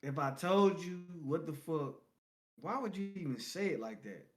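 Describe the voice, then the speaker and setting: A man co-hosting a podcast in casual chat, animated and full of profanity, with loud outbursts. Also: fairly high pitch, moderate pace, soft background music. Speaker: podcast co-host.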